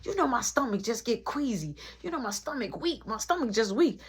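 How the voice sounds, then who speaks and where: A woman's voice: fairly high pitch, big pitch swings, fairly quick, slightly rough, full character voice. Woman doing a fussy, worried mom. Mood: complaining. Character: fussy, worried mother, seasick on a trip.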